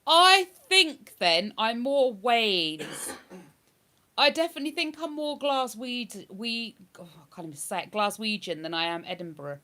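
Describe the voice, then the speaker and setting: Chatty woman, bright voice. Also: fairly high pitch, very animated, a little slow. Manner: chatty, reads viewer comments aloud and answers them. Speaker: live streamer. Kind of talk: casual live-stream chat.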